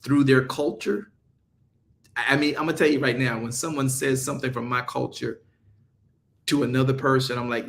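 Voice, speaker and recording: A man leads an online study group in a medium voice. He tells stories and jokes in a loose, lively way, then moves into a prayer and a blessing. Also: mid-range voice, a little fast, vocal fry. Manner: animated, jokey, turns into a prayer and blessing. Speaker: minister leading online study. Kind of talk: casual storytelling and prayer.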